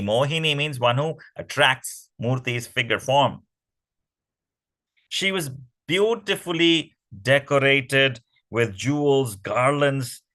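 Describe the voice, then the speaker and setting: A man telling a myth to a children's class, animated and often asking the kids questions. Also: mid-range voice, poor audio. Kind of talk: storytelling to children.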